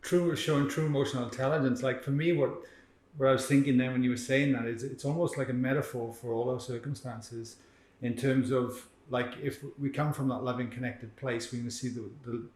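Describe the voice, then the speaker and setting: A man hosting a podcast, reflecting thoughtfully in conversation and pausing to search for words. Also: medium pitch, fairly even intonation, a little mellow. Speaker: podcast host. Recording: roomy echo.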